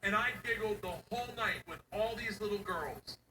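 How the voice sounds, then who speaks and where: A man in his forties telling a stand-up comedy story, loud and animated, acting out other people's voices and owl hoots. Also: sits high, moderate pace. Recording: echoey room recorded from far off, audience noise.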